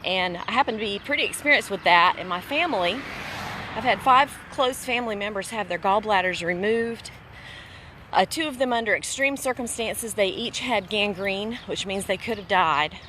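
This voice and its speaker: A woman's voice: medium pitch, normal speed, sharp tone, slight background noise. Earnest woman sharing a faith testimony. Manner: conversational, with emphatic repeated phrases; earnest preaching tone. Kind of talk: casual spoken testimony.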